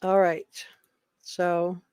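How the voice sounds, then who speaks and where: A woman's voice: fairly low pitch, level tone, drawn-out words, a little mellow, clear, resonant tone, no echo. A woman talks straight into a close mic in a dry, dead room. She chats casually as a live stream host, greets viewers by name and keeps apologizing in asides. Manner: chatty, reads viewer comments aloud, apologetic asides.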